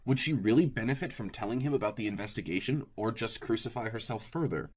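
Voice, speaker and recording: A man reads an audiobook in a husky, fairly low voice, talking fast. His storytelling remains steady and even.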